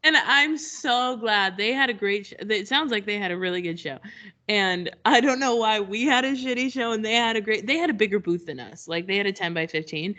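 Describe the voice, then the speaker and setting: A woman co-hosting a podcast in casual chat, telling a story in an animated way and laughing often. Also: medium pitch, brisk. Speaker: podcast co-host.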